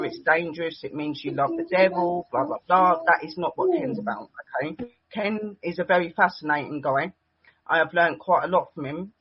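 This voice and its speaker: A woman's voice: low-pitched, slightly rough, dull audio. A woman hosting a casual online talk show, chatty and enthusiastic, often addressing the audience as guys. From United Kingdom. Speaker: show host.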